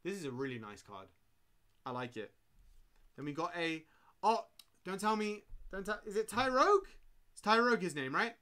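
Young male streamer, bright lively voice, slangy live pack-opening commentary, prone to sudden loud outbursts. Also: high voice, moderate pace, pauses often. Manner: excitable, slangy, bursts into loud shouts.

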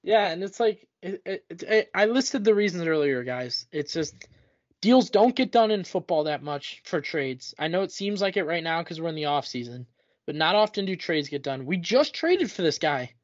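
A young man co-hosting a casual sports podcast, talking in an animated way and mimicking the people he quotes. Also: on the high side, moderate pace, no room sound. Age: young adult. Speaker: podcast co-host. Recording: dull lo-fi dry recording.

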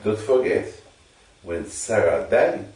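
Religious teacher, male, low voice, halting and repetitive delivery, heard from a distance. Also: very animated, a little mellow. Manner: halting, repeats phrases for emphasis. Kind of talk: informal Torah teaching to a listener. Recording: echoey room, distant mic.

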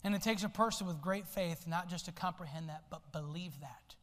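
A male pastor preaching a sermon, swinging from soft low asides to loud shouted lines. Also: brisk. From United States. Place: church sanctuary. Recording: long hall reverb in a church.

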